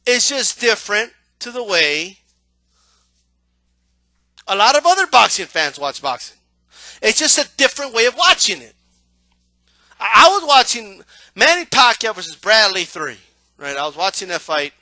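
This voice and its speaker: A man giving a casual, animated monologue about how he watches boxing, often asking "right?". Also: high voice, normal speed, pauses often, dry recording. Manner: animated, acts out yelling crowd members, repeats "right?". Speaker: boxing commentator.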